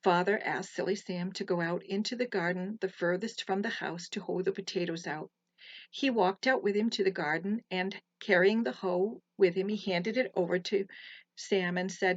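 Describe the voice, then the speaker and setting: A woman telling folktales to children in a soft, gentle way, with hushed asides. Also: medium pitch, moderate pace, no room sound. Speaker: storyteller. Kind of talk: storytelling for children. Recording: slightly muffled, dry recording.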